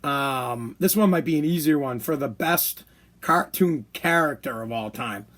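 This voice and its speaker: A man's voice: medium pitch, measured pace, a bit bright. A man hosting a podcast from a hot room downstairs, ranting in a heated, profane way and repeating himself for emphasis. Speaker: podcast host. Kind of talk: opinion rant podcast.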